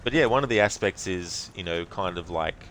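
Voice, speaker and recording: Low-voiced Australian man chatting on stream. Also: brisk, slight background noise. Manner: relaxed, rambling, laughs easily. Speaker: game streamer. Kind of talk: casual live-stream chat with viewers.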